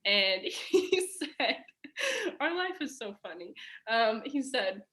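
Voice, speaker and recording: A woman's voice: a little high, sing-song, slow pace, fairly bright tone. A young woman telling a personal story as a podcast guest, chatty and casual, full of "like" and fillers. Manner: chatty, filler-heavy with frequent "like" and laughs.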